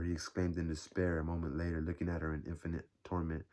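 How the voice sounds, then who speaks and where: Man, audiobook narrator, very low voice, measured reading. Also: flat delivery, a little mellow. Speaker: audiobook reader. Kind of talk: novel read aloud.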